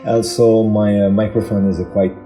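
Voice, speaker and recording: A man with a French accent, a non-native speaker, walks through a software tutorial, hesitant and full of fillers, recorded on a phone microphone. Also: flat delivery, moderate pace. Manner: hesitant, many fillers, talks through steps. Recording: echoey room, low-quality phone mic, soft music.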